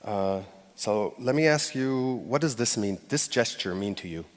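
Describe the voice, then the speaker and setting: A man at a mid-range pitch gives a live talk from a stage in a large hall, and his voice rings with long reverb. He speaks conversationally, stumbling through fillers and restarts, and acts out short quoted phrases with light laughs. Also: animated, unhurried. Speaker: conference speaker.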